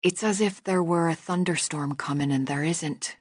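A woman reading the part of a tired woman leader who feels uneasy, in a soft, subdued voice. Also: on the low side, normal speed, breathy edge, no room sound, studio quality. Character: weary woman leader, a high priestess, uneasy.

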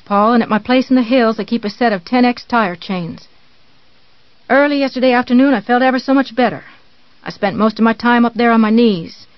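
A reader voicing a pious, menacing middle-aged woman who speaks slowly and sweetly, in a dull, dry audiobook recording. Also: mid-range voice, no echo, lightly acted.

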